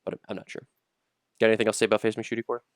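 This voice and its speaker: Fast-talking male podcast host. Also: on the low side, monotone, smooth, dry recording, studio quality. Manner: rambling, quick, full of fillers and restarts. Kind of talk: casual gaming podcast chat.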